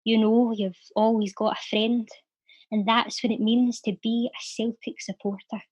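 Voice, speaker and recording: A woman's voice: a little high, little pitch movement, unhurried, darkish tone, husky, dry recording. A young woman with a Glaswegian accent, chatting casually and reciting her poetry with a rhythmic lilt. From Scotland. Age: young adult. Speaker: poet and charity volunteer. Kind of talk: casual chat and poetry reading.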